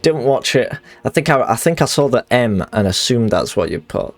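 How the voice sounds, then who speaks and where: A man's voice: medium pitch, big pitch swings, moderate pace, creaky, no echo, faint music behind. A man streaming a game, chatting casually in a rambling, sweary way that often corrects itself.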